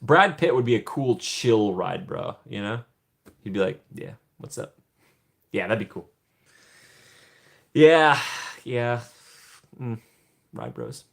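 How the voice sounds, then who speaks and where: A man's voice: medium pitch, a bit bright. A young man hosting a casual livestream from home, chatting with viewers in a rambling way, laughing often and trailing off. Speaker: livestream host.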